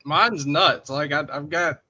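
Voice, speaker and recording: A man with a sharp, very bright tone and a slightly raised pitch chats in a laid-back way, laughing easily and reading out viewer comments. He comes through a remote call line that sounds dull and lo-fi. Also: slow, a little hiss or hum. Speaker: livestream co-host. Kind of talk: casual chat.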